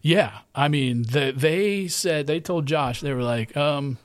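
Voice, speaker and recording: A man's voice: on the high side, slow pace, few pauses. A middle-aged man hosting a podcast, telling a long personal story in casual, rambling talk and often repeating himself. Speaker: podcast host.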